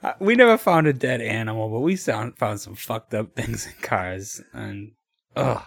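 A man's voice: on the low side, lively intonation, normal speed, gravelly, husky. A man from Boston co-hosting a podcast, chatting casually with crude wisecracks. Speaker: podcast co-host.

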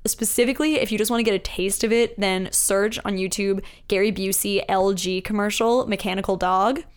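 A young woman chatting casually on a podcast, her voice at an ordinary middle pitch. She rambles and giggles as she goes. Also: steady tone, fairly quick, clean tone. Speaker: podcast co-host. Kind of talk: casual chat.

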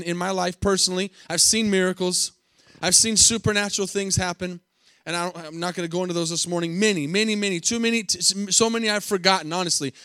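Pastor guy preaching, kinda high voice, super dry close sound, keeps repeating himself for emphasis. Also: bright, forceful tone, dry recording. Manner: emphatic preaching with repetitions and rhetorical questions. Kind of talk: sermon.

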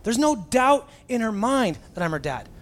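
A man's voice: very high voice, sing-song, normal speed. A man in his thirties, a pastor, preaching a sermon in a casual, self-mocking storytelling way with plenty of fillers.

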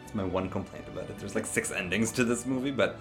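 A man co-hosting a casual movie review podcast, relaxed and laughing often, trailing off mid-sentence. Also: lowish voice, quick pace, music in the background. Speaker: podcast co-host.

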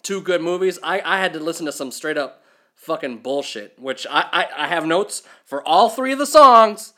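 A man co-hosts a laid-back podcast, talking bluntly and swearing freely. His voice sits a little high for a man and has a bright, forward edge. He often repeats a word or two before his sentences get going. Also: expressive, moderate pace. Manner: blunt, profane, repeats words when starting sentences. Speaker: podcast co-host. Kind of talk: casual chat.

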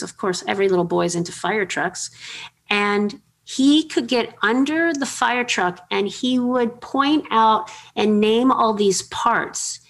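A middle-aged woman hosting an interview, telling chatty, animated anecdotes with many fillers. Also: medium pitch. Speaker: podcast host. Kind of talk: casual storytelling interview.

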